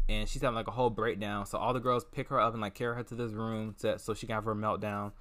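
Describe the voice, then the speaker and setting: A young man casually retelling a film's plot, animated and gossipy, with sassy asides and squealed imitations. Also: lowish voice. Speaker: movie reviewer.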